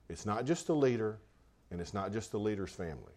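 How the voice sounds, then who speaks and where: Man, pastor giving a sermon, lowish voice, loose conversational phrasing with repeats. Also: very animated, a little fast, a little mellow.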